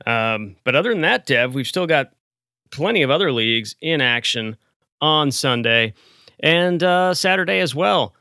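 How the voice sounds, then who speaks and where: A man from the United States talks through matches in a wry, confident way. His voice is bright and crisp, and the dry, close sound keeps it upfront. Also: a little high, lively intonation, moderate pace, dry recording. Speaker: podcast co-host. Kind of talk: casual podcast analysis.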